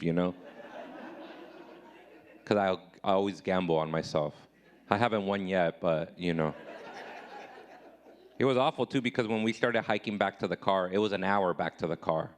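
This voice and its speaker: Self-deprecating man doing stand-up. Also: fairly quick. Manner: self-deprecating, swings high and loud when acting out his own replies. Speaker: stand-up comedian. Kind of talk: live stand-up comedy set.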